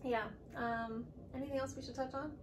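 A woman's voice: sits high, steady tone, fairly quick. A woman interviewer in casual conversation. She talks hesitantly and laughs often. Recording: distant mic in an echoey, noisy room.

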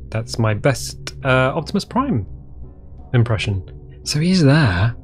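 Goofy, lively-voiced game streamer. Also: medium pitch, slow, soft background music. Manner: goofy, joking, talks to the game. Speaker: gameplay streamer. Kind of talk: casual gameplay commentary.

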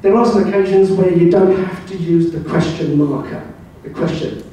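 An older man from England giving a slide presentation at a club, telling wry, anecdotal stories in a relaxed way. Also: sits high, moderate pace, far from the mic. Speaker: club speaker. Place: club meeting room. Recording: very echoey room, voice heard from afar.

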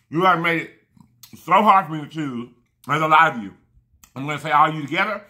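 A man's voice: medium pitch, pushed and bright. A man chatting casually to camera while eating, effusive and rambling, thanking his viewers again and again. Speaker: mukbang vlogger.

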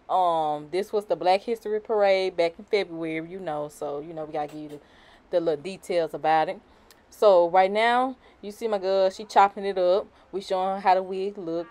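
Giggly, slangy woman narrating a wig install. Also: medium pitch. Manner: slangy and chatty, with frequent "you know" and "y'all"; giggly and nervous, breaking off to laugh and apologize. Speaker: guest voiceover narrator for a wig install tutorial. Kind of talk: casual, unscripted voiceover narration.

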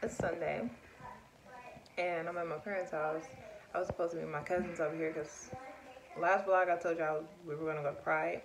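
A woman's voice: deep voice, flat delivery, normal speed, long pauses, background noise. A young woman talking casually to her phone camera in a vlog, chatty, slangy and candid, rambling through her stories. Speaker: vlogger and mother. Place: home, then outdoors. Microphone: handheld phone camera.

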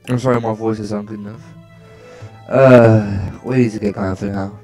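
A man's voice: on the low side, fairly even intonation, normal speed, mellow, faint music behind. Chatty, joking male let's player. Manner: reads game dialogue aloud, joking and self-mocking asides; chatty and rambling in asides. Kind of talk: casual gameplay commentary.

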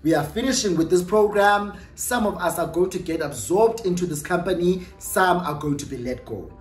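A young adult YouTuber with a South African accent, telling a storytime in an animated, gossipy way and dropping in Xhosa phrases and tag questions. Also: mid-range voice, moderate pace. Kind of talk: storytime vlog. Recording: roomy echo with faint music.

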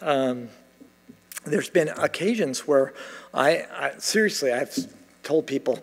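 A middle-aged American pastor preaches with lively storytelling, slipping into the voices of the people he quotes. His voice sits somewhat high for a man, and a long church reverb trails after his words. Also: takes it slowly, creaky, long pauses, breathy edge. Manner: animated storytelling, acting out quoted voices with laughs. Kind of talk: sermon. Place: church sanctuary.

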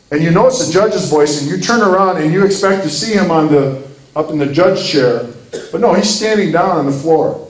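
A man's voice: on the high side, normal speed, reverberant, low-quality recording. A man in his fifties from Minnesota giving an earnest, sermon-like talk, telling a story with acted quotes. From Minnesota, USA. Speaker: ministry speaker.

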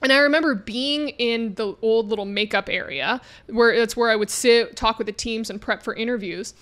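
A young woman with a high voice chats casually on a podcast. She tells her stories with animation and swears freely. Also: normal speed, a bit bright. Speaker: podcast co-host, esports caster. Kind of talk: casual chat.

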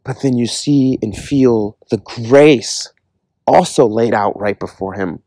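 A man's voice: medium pitch, slow, warm tone. A man giving an earnest, conversational personal testimony about faith, often using casual fillers. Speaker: Christian speaker giving a testimony.

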